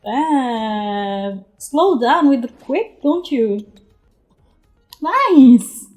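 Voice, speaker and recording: A woman reacting live to an anime episode, her high voice swinging widely as she bursts into excited exclamations and laughter, then drops into quiet murmured asides. She talks at an unhurried pace, with soft music faintly in the background.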